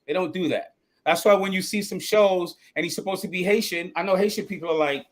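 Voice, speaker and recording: A man's voice: high-pitched, a little fast. A man, an actor and guest, telling stories in a casual chat and acting out the quotes. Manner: animated storyteller, acts out quotes.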